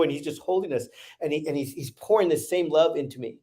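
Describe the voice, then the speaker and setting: A man's voice: on the high side, brisk, few pauses, mellow. Earnest man telling a heartfelt story. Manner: earnest, repeats phrases. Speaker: podcast guest. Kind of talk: emotional storytelling.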